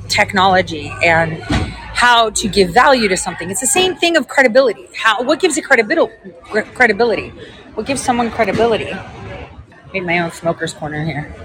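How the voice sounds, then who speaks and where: A woman's voice: mid-range voice, fairly bright tone, slight background noise, rough recording. A woman hosting a casual livestream, talking to viewers in a chatty, rambling way and swearing freely. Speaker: livestream host reading viewer comments.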